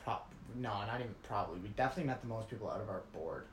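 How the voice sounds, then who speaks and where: A man's voice: lowish voice, lively intonation, rapid-fire, a little hiss or hum. A man co-hosting a podcast, telling travel stories in casual chat and laughing as he goes. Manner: storytelling, laughs when amused. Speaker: podcast co-host. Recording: echoey room.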